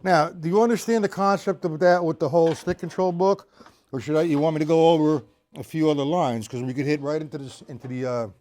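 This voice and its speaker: A man's voice: a little high, fast talker, background noise. A man teaching drums on a live stream, chatting casually and counting beats aloud. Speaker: drum teacher. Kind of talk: live-streamed drum lesson.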